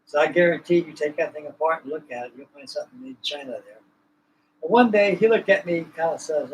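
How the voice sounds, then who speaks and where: A man hosts a livestream, chatting casually in a folksy, rambling, colloquial way. His voice is a little high and fast. The audio is poor, with a little hiss or hum.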